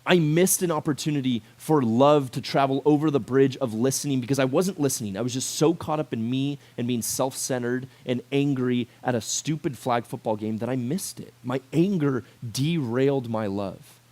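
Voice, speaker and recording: A man in his twenties giving a sermon to a youth group, talking in a casual and animated way and acting out quotes. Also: medium pitch, normal speed, hardly any pauses. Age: 20s. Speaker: youth pastor.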